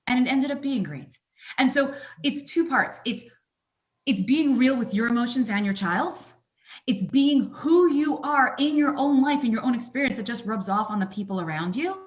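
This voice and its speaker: A woman and mother of young children, a guest on a talk show, explaining ideas with energetic, emphatic storytelling. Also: a little high. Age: adult, mother of young children. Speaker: guest, coach.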